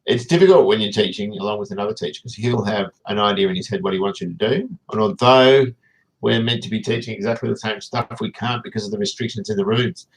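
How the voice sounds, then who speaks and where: A middle-aged man chats loosely on a live stream, greeting viewers one by one. His voice sits a little low. He rambles from topic to topic in an easygoing way. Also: fast talker, poor audio. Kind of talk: casual live-stream chat.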